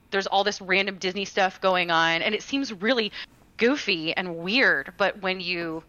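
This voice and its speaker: A woman's voice: fairly low pitch, bright, forceful tone, no room sound, dull audio. A woman co-hosting a gaming podcast, telling a personal story in a chatty way with many fillers and restarts. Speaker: podcast co-host. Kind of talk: casual chat, storytelling.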